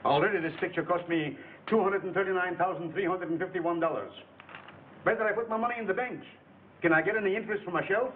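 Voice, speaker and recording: An actor playing an exasperated film producer who complains about money. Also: male voice, high voice, quick pace, pauses often, slight background noise, natural voice. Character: penny-pinching film producer fretting over money. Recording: distant, tinny old film soundtrack.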